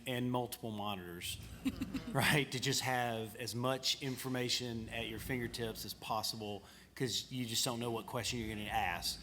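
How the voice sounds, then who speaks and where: A man's voice: mid-range voice, a bit bright, slight background noise. A man with a light Southern American accent talks on a conference panel in a laid-back, self-deprecating way. There is faint room ambience behind him. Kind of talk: casual panel discussion.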